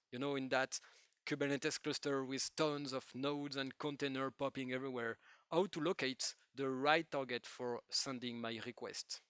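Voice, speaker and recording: A man with a French accent giving a joking, lively tech talk to a live audience. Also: medium pitch, clean tone, dry recording, studio quality. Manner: lively, joking, with non-native phrasing. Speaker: conference speaker.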